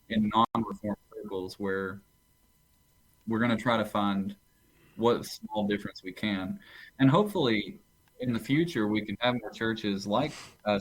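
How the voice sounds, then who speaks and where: Low-voiced pastor telling stories. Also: male voice, dry recording, poor audio. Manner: rambling storyteller who restarts phrases. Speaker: pastor and podcast guest. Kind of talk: casual theological conversation.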